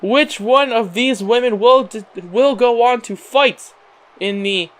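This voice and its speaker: Brief: male gaming host, excitable announcer-style wrestling play-by-play, high clear voice. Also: takes it slowly. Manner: excitable announcer patter, repeating "however" and filler words. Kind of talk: play-by-play wrestling commentary over a video game.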